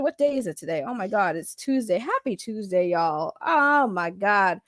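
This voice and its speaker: A woman's voice: mid-range voice, lively intonation, fairly quick, hardly any pauses, dry recording, clean studio sound. A woman chatting casually on a live stream, greeting her chat, swearing now and then and sounding worn out from work. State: tired from work.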